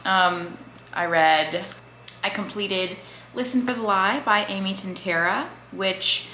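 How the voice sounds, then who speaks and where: A woman's voice: mid-range voice, slow, bright, forceful tone, slight background noise. A young woman from the American South chatting casually in a reading vlog, rambling with lots of fillers. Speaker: book vlogger.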